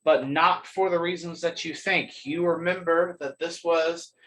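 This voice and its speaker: Male game master, slightly high voice, loose halting narration with frequent ums. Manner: relaxed, halting, many ums.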